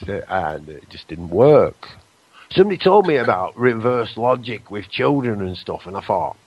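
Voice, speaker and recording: A man hosting a radio show, talking in a rambling, excitable, self-deprecating way close to his microphone. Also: fairly low pitch, moderate pace, no room sound, highs cut off. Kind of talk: casual radio chat.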